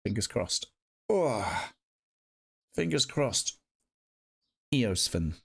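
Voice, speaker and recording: A man's voice: on the low side, very animated, very slow, vocal fry, breathy edge. Chatty man live-streaming. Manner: chatty, greets viewers warmly, swears casually. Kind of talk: casual chat reading live chat.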